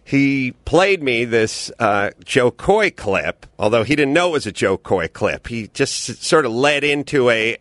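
A man's voice: mid-range voice, lively intonation, measured pace, hardly any pauses, fairly bright tone, dry recording, studio quality. A comedian in his fifties hosting a podcast, telling a story in an indignant, sarcastic ranting way with some swearing. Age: 50s. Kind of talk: casual storytelling chat.

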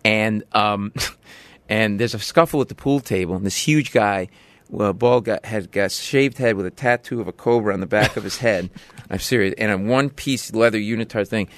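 A man's voice: lowish voice, normal speed, dry recording. A middle-aged man telling a casual story, acting out voices as he goes. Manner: animated, acts out voices in his story.

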